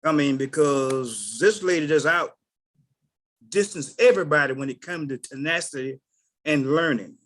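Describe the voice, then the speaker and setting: Older man, storyteller type, big swings from mumbly to shouty, folksy. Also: moderate pace. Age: 60s. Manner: animated, swings between low mutters and loud outbursts. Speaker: call participant sharing a story. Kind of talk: casual storytelling.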